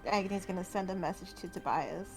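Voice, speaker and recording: A playful woman chats as a player in an online tabletop game, quick to giggle. Faint music plays behind her. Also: lowish voice. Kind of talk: casual chat in a tabletop game.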